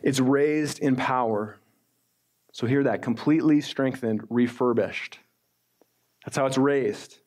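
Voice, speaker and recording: A middle-aged man gives a sermon in a relaxed, conversational manner. His voice sits a little higher than most men's, and he slows deliberately whenever he reads from the scripture. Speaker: pastor.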